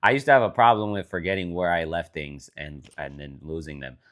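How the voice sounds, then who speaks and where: A man's voice: low-pitched, a little fast, fairly bright tone. A young man co-hosting a podcast in casual chat, blunt and teasing and swearing freely. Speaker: podcast co-host.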